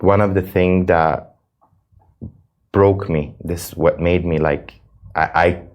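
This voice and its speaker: Deep-voiced earnest man in an interview. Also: steady tone, takes it slowly. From United States. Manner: earnest and impassioned, with frequent restarts. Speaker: interview guest. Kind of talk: emotional interview talk.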